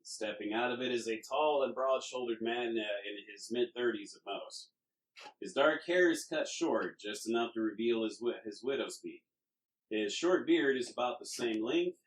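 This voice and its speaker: A man's voice: mid-range voice, normal speed, low-quality recording. A man narrating as the game master of a tabletop role-playing podcast, describing scenes and characters in detail. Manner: descriptive narration with frequent uh fillers and restarts, laughs easily.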